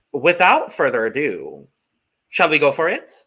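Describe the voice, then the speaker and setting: A man's voice: fairly high pitch, wildly swooping pitch, takes it slowly, pushed and bright. A man hosting a podcast in casual chat, upbeat and leading the discussion. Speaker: podcast host.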